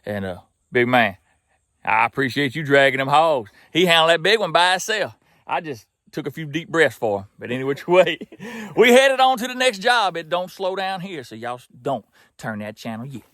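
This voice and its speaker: A man's voice: fairly high pitch, very animated, normal speed, sharp tone, dry recording. Folksy Southern man vlogging outdoors. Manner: folksy, chatty, laughs often. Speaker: wild hog trapper. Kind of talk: casual vlog narration. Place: outdoors in a field.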